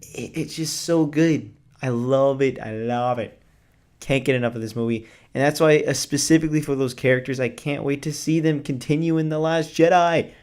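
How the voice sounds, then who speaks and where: A man's voice: mid-range voice, moderate pace, a little mellow, clear, resonant tone. A man reviewing a film on his vlog, gushing and enthusiastic, with lots of casual filler words and the odd swear word. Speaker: movie reviewer.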